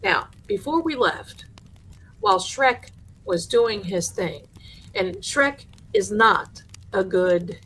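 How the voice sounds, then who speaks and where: A woman hosting a live show, telling a haunted house story with lively energy and acting out the people in it. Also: mid-range voice, slow, husky. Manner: animated, acts out the people in her story. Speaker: host.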